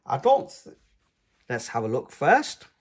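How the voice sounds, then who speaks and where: A man reading a storybook aloud and voicing a curious little girl piglet who sighs through drawn-out questions. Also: mid-range voice, wildly swooping pitch, breathy edge, exaggerated voice.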